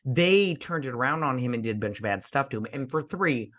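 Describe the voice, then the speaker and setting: A man's voice: medium pitch, lively intonation, fairly quick, fairly bright tone. A tipsy man co-hosting a casual movie review chat, blunt, crude and rambling. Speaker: podcast co-host.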